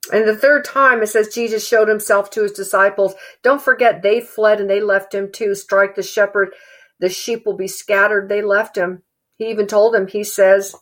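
A woman preaching a sermon in an earnest, halting way, repeating phrases for emphasis. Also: medium pitch.

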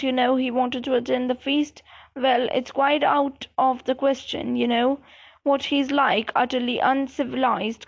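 A woman's voice: high-pitched, gravelly, heavily acted. A woman reading the lines of a fussy, genteel male ghost in an audiobook, chatty and prim. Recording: dull lo-fi recording.

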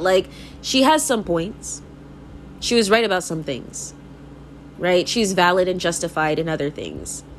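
A young woman talking in a rambling, emphatic casual monologue, full of "like" fillers and swearing, sometimes laughing. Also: slight background noise. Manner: animated, laughs and jumps into high mock voices.

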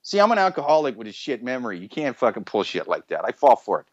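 A man's voice: medium pitch, fast, no room sound. A man co-hosting a comedy podcast in casual chat, rambling and ranting with plenty of swearing. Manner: rambling, profane, animated ranting. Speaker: podcast co-host. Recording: dull, muffled audio.

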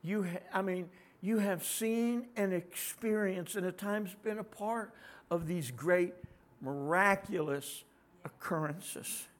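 A middle-aged male pastor preaching a sermon with a raspy voice that sits high for a man. He talks to the congregation casually and throws questions at them. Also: takes it slowly.

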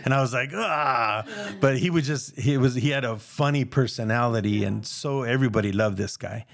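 A man's voice: mid-range voice, normal speed, gravelly, fairly bright tone. A man sharing his personal testimony in a casual, earnest, rambling way, acting out the voices of people he quotes.

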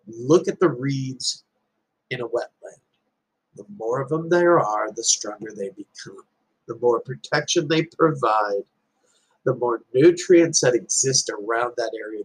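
Speaking in a mid-range, slightly rough voice, this man offers life advice through stories and parables. He is a parent, and his motivational talk comes across as earnest and reflective. The audio is poor.

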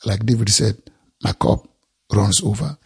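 Gravelly, husky-voiced male preacher. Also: lowish voice, unhurried, a little mellow. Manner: emphatic, repeats phrases for effect; reads scripture aloud and expounds it. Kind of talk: sermon.

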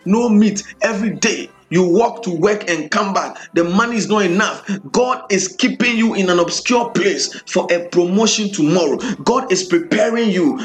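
A man preaching a sermon, building repeated refrains with rhythmic emphasis. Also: high voice.

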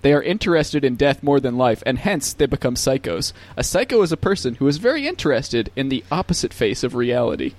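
A man's voice: medium pitch, big pitch swings, fairly quick, hardly any pauses, darkish tone. Man reading list items aloud. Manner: reads list items and comments aloud, plain delivery. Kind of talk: casual comedic chat.

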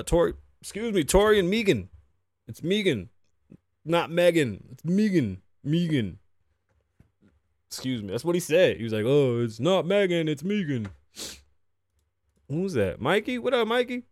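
A man in his thirties hosts a casual show in a loose, swearing, chatty manner, dropping in Spanish now and then. His voice sits at an ordinary middle pitch. The sound is dry and close, with no room around it. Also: dry recording. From Puerto Rico. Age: 30s. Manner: loose, profane, chatty with playful Spanish asides. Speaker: podcast host. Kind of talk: casual chat.

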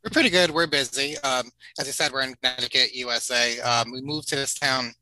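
A man's voice: mid-range voice, steady tone, brisk, sharp tone, slight background noise, low-quality recording. A man in his forties, a podcast guest telling long stories in a rambling, chatty way, full of fillers and little laughs. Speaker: podcast guest, family video creator. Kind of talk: casual storytelling interview.

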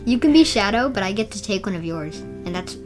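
A woman's voice: mid-range voice, expressive, fairly quick, music in the background. A woman chatting casually, teasing and playful, as a co-reader of a story. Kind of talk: casual chat.

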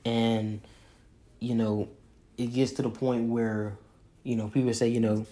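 A man delivers impassioned spoken commentary, emphatically repeating his points in a preacher-like cadence. His voice is mellow and medium-pitched, with a level tone and an unhurried pace.

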